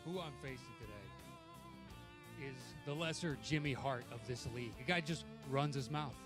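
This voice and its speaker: A man's voice: a little high, sing-song, normal speed, music in the background. A man cutting a mocking trash-talk promo against his opponent. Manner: mocking, taunting. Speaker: competitor.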